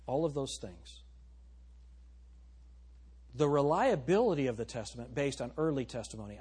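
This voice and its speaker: Husky preacher. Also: male voice, a little mellow. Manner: emphatic preaching, asks the congregation questions; turns to a high mocking tone when imitating girls. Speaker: pastor. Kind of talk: sermon.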